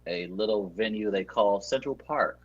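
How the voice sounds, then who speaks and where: A man with a low, husky voice co-hosts a podcast from afar. He delivers dry, deadpan jokes. His audio comes through dull and lo-fi, like a remote call. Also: normal speed. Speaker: podcast co-host. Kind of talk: casual podcast banter. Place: calling in from New York.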